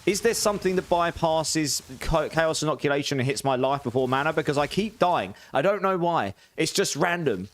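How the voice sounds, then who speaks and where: A man's voice: on the high side, expressive, normal speed, few pauses, voice pushed up, close to an everyday voice. A man voicing an annoyed player who keeps dying, in a raised, whiny tone. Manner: whiny, complaining.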